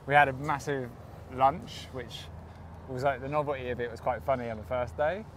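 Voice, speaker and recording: A young man tells his travel story in a relaxed, matter-of-fact way, his voice at an ordinary middle pitch. Faint street noise hums in the background behind him. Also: normal speed. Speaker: vlogger and online seller. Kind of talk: casual travel vlog chat.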